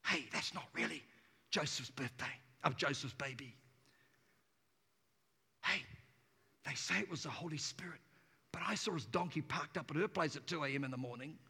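A man voicing a sly male townsman who gossips in a hushed, conspiratorial whisper. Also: on the high side, normal speed, creaky, pauses often, husky, pitched below the performer's own voice, heavily acted. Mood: gossipy whisper. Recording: reverberant hall.

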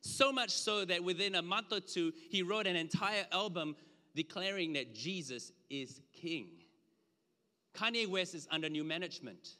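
Male preacher, fairly high, bright and forceful voice, conversational and emphatic sermon delivery in a church hall with long reverb. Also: moderate pace. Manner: conversational, emphatic, drops low to an aside. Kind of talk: sermon with slides.

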